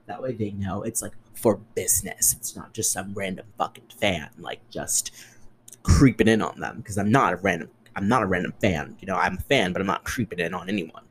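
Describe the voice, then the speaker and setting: A man's voice: brisk, a little hiss or hum, low-quality recording. A man in his twenties hosting a casual solo podcast, chatty, profane and sarcastic. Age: 20s. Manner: chatty, profane, sarcastic, with shrill mocking put-on voices. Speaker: podcast host.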